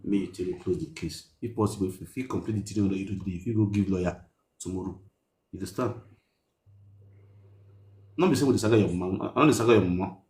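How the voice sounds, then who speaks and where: A Nigerian man hosts a live stream in a roomy, echoing space. He talks quickly in a lowish voice and soothes his caller in Pidgin, repeating himself over and over. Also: a little mellow. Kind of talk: live-stream chat on speakerphone.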